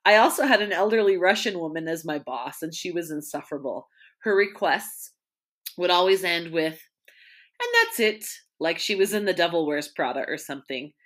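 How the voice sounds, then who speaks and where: A woman's voice: lowish voice, a little fast. A woman hosting a casual podcast chat, reading listener stories aloud and telling her own work stories. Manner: reads listener stories aloud, reacts with laughs. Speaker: podcast host.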